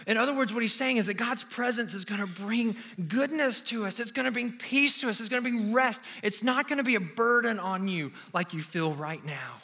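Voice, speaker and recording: Male pastor, high bright voice, dramatic sermon delivery that drops to whispers. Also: normal speed. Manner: dramatic, swings between pleading loud passages and hushed near-whispers.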